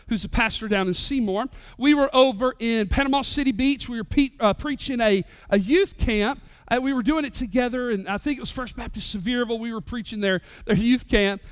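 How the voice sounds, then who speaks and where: A middle-aged male pastor, preaching a sermon with animated, joking stories. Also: extremely high pitch, clear, resonant tone, no echo, clean studio sound.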